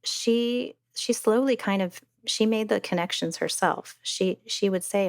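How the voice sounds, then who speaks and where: A woman, a mother and podcast guest, telling a personal story in a halting way, with many restarts and fillers. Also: mid-range voice, steady tone, no echo, studio quality.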